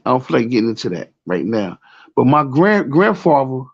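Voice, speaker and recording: A man's voice: medium pitch, vocal fry, a little mellow. Rambling New York man, lo-fi sound. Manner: rambling, repeats "you know what I'm saying". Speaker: show host. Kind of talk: casual storytelling monologue.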